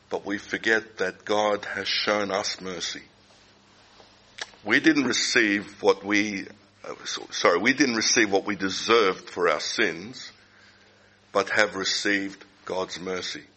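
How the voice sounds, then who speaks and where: A middle-aged man delivers a sermon in a somewhat low voice with a forceful, bright edge. He speaks deliberately and often repeats a phrase to drive his point home. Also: low-quality recording. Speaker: preacher.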